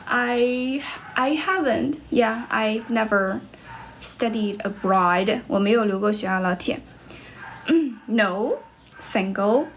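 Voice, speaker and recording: A woman's voice: a little high, takes it slowly, a little hiss or hum. A young woman from China with a Chinese accent, an English teacher livestreaming casual chat, answering viewers' comments, switching between English and Chinese, and blunt with rude viewers.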